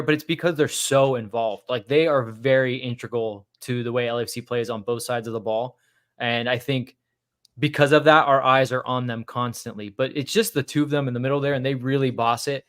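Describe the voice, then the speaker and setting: A man's voice: medium pitch, a bit bright, clear, resonant tone. A man co-hosting a soccer podcast, talking casually and thinking aloud with fillers. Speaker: podcast co-host. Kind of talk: casual postgame chat.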